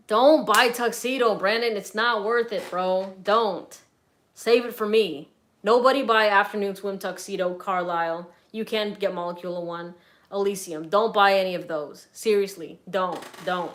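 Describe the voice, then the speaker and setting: A woman's voice: medium pitch, fairly even intonation, moderate pace, a bit bright. A woman fragrance reviewer answering chat questions on a casual live stream, playful and teasing, swearing now and then.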